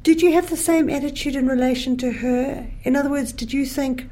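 A woman hosting a radio interview who asks soft, gentle questions. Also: high voice, a little fast.

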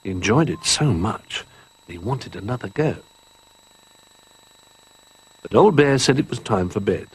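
A man reading a children's picture-book story aloud in an expressive, animated way. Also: on the low side, unhurried, long pauses, slightly rough.

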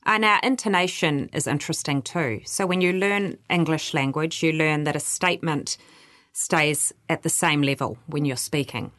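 Speaking with a New Zealand accent, a woman answers interview questions as a workplace culture adviser, explaining things patiently and quoting others in livelier voices. Her voice is deep and fairly bright, at a normal speed, captured in a dry, clean studio recording.

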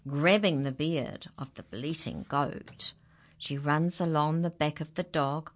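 Reading a rhyming picture book for children, a woman gives a dramatic performance that shifts from quiet whispers to high-pitched exclamations.

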